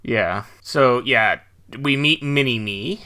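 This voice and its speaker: A man's voice: medium pitch, slow, bright, forceful tone, smooth. A man co-hosting a casual movie podcast, joking and laughing often as he talks. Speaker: podcast co-host.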